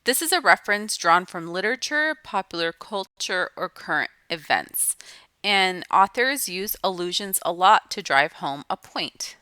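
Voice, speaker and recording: A woman's voice: mid-range voice, lively intonation, unhurried, pushed and bright, clean tone, no echo. A woman teacher giving a recorded lesson to students, explaining patiently and restating each point.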